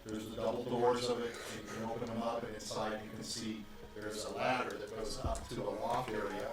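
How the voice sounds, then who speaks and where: A male dungeon master narrates the scene in a halting, filler-heavy way. His voice sits far from the mic in a very echoey room, with voices chattering behind him. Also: fairly low pitch, little pitch movement, a loud crowd. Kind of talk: narrating a tabletop game.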